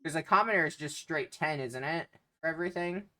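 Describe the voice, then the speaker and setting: Low-voiced woman game master. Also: brisk, pushed and bright. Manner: hesitant, lots of ums. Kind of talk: narrating a tabletop game.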